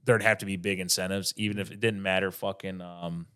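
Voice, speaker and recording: A man's voice: low voice, level tone, fairly quick, sharp tone, smooth. A man talking as a comedian guest on a podcast, rambling in casual chat, often restarting his sentences and swearing freely.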